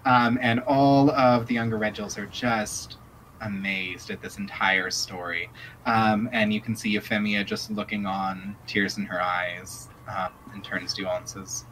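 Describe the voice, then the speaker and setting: A man's voice: fairly low pitch, steady tone, a little slow, a bit bright, slight background noise, poor audio. Man narrating a tabletop game, rambling. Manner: rambling, many fillers. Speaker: game master.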